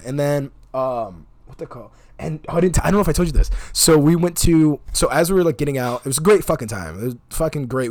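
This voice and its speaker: Fast-talking, profane young man. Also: fairly high pitch. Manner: profane, animated, acts out quotes. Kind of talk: casual storytelling chat.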